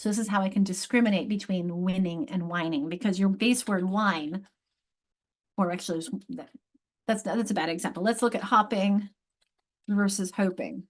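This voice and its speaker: A woman's voice: medium pitch, normal speed. A woman giving a training lecture on spelling and word structure to teachers. She explains in a conversational way, stretches out example words to show how they sound, and checks in with "isn't it?". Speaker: literacy instructor.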